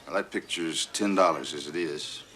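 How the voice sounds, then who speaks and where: A man voicing a gruff, deep-voiced male shopkeeper who mumbles a price in a comic podcast reenactment. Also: moderate pace, sharp tone, heavily acted. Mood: haggling.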